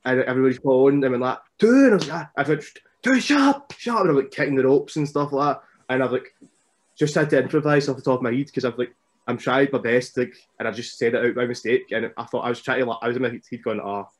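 A man's voice: medium pitch, fast talker. Chatty young Scottish man. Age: young adult. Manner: chatty, animated storytelling. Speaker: wrestler guest. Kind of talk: casual podcast interview.

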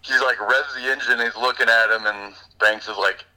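Bright-voiced man rambling through a movie recap. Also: mid-range voice, normal speed, low-quality recording. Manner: rambling, animated retelling with fillers. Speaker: podcast co-host reviewing a movie. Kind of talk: casual chat.

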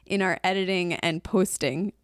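A woman's voice: fairly low pitch, moderate pace, smooth, no echo, clean studio sound. A young woman co-hosting a casual podcast with her father, bantering playfully and laughing often. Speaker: podcast co-host. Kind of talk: casual chat.

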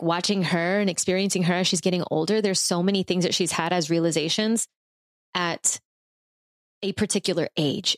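A woman in her thirties talks on a podcast in a low, even voice. She sounds earnest and reflective and fills her sentences with fillers. The mic is close and dry, with no room sound. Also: no room sound. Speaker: podcast co-host. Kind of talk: casual podcast conversation.

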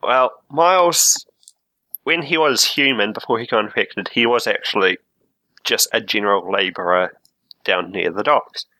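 A man playing in a tabletop game, casually talking through his character's backstory. His voice is low yet bright, recorded dry and close. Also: unhurried, no echo, low-quality recording. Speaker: player. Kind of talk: tabletop role-play, casual.

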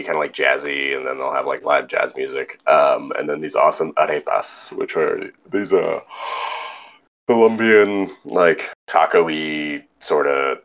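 A man co-hosting a podcast, telling an animated story in casual chat and swearing freely. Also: rumbling low, vocal fry, muffled recording. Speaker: podcast co-host.

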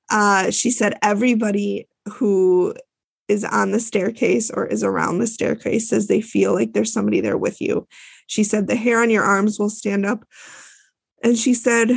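A woman co-host tells a story in a loose, chatty way, stopping and restarting often. Her voice is gravelly and a little husky. The recording is dry and close. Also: medium pitch, no room sound. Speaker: podcast co-host. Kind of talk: casual recap chat.

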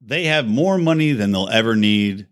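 A man's voice: on the low side, animated, moderate pace. Heated, profane male podcast host. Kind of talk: ranting monologue.

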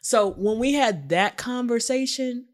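A woman's voice: fairly high pitch, unhurried. A woman co-hosting a podcast, talking in a casual, informal way and acting out her own thoughts as she tells a personal story. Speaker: podcast co-host. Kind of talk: casual conversation.

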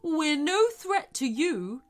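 A woman voicing a gentle, clever young owl in a storybook reading, earnest and soft. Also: high voice, very animated, slow pace, full character voice.

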